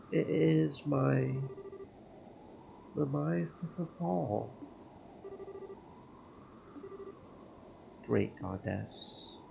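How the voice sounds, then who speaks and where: A man reading Kevin, a gravelly flirting priest. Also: medium pitch, full character voice. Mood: soothing. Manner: teasing, easygoing banter. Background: game music.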